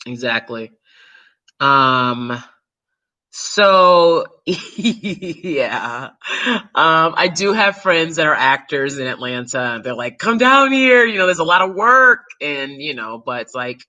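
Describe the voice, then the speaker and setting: A woman YouTuber and actor chatting casually to her viewers, animated and swearing freely, breaking into loud shrieks and laughs. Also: a bass voice, slow pace. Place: New York City.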